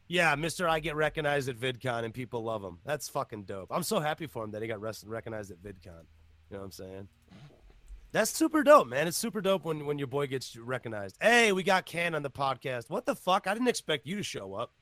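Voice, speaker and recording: A man hosting a casual podcast, excitable and profane, jumping between topics. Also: mid-range voice, fast talker, no room sound. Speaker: podcast host.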